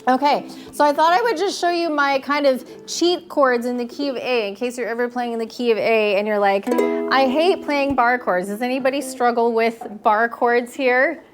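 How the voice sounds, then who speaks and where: A woman's voice: a little high, fairly even intonation, moderate pace, few pauses, over music. A woman with a Canadian accent teaching a group ukulele lesson, encouraging and checking in often with "okay". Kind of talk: live group music lesson. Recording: loud ukulele playing behind. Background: ukulele strumming.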